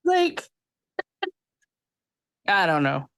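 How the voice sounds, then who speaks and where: A woman's voice: on the low side, wildly swooping pitch, extremely slow, fairly bright tone, clean tone. A woman co-hosting a podcast in casual chat, talkative, with many fillers and asides. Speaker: podcast co-host.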